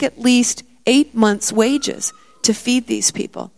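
A woman's voice: a little high, takes it slowly. A middle-aged woman delivers a sermon in a storytelling voice. She acts out the words of the people in her story, lifting her voice as she stresses each point. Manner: storytelling, acts out the disciples' lines with rising emphasis. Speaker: preacher.

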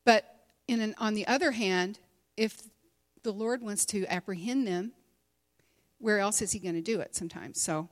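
Speaking at a moderate pace in a mid-range voice, a middle-aged conference speaker and teacher addresses a women's gathering. She talks candidly and conversationally about her personal testimony, using many fillers.

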